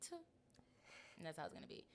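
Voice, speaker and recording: A young woman co-hosting a podcast in casual chat, blunt and slangy, laughing often. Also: fast talker. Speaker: podcast co-host.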